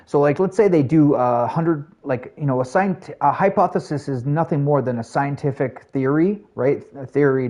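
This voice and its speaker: A man streaming a shooter game, chatting casually with his viewers in a rambling, filler-heavy way that jumps to excited highs. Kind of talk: casual live-stream gameplay chat.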